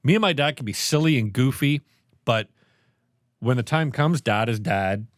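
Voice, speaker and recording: Animated, swearing man telling stories. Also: mid-range voice, normal speed, no echo, studio quality. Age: 30s. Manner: animated storytelling, swears often. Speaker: podcast co-host. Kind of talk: casual podcast chat.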